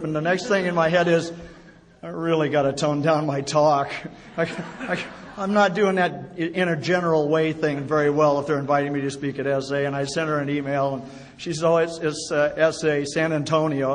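A man speaking at a recovery meeting before an audience, a chatty, self-deprecating storyteller with quick jokes. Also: a little high. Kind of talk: personal recovery talk to an audience. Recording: live talk in a reverberant hall.

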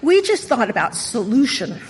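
A woman's voice: a little high, sing-song, normal speed, in a large hall, a little hiss or hum, low-quality recording. A middle-aged woman sharing a personal story at a recovery meeting, wry, candid and self-mocking.

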